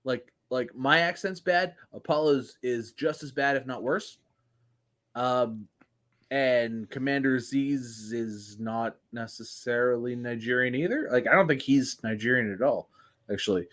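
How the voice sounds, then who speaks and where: Joking, rambling wrestling podcast host. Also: male voice, medium pitch, unhurried, a bit bright. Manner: joking, rambling, swears freely. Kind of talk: casual wrestling podcast banter.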